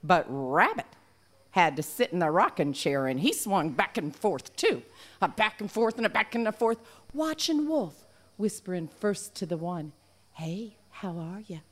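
A woman telling a folk tale aloud to a live audience in an animated, folksy way. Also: fairly low pitch, normal speed. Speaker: storyteller. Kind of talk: live oral storytelling.

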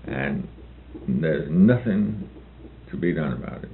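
A man reads a novel aloud in a deep, unhurried voice and breaks off for halting, repetitive asides like a lecturer. His tone is gravelly. The recording is thin and phone-like, with a faint hiss underneath. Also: lively intonation. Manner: halting, repeats words between read passages. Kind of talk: reading a novel aloud with commentary.

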